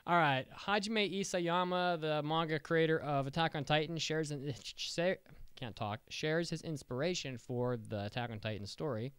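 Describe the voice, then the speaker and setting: Male podcast host, smooth slightly high voice, upbeat and jokey, dry close mic. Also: moderate pace, a bit bright, no room sound. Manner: upbeat, joking, rambling with restarts. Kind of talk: casual podcast chat.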